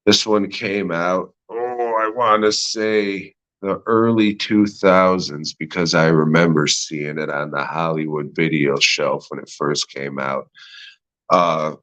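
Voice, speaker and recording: Deep-voiced and steady, a US podcast host speaks slowly with a slightly bright tone over dull audio. Alone on the mic, he delivers a rambling, sarcastic movie review full of swearing and laughs at his own jokes.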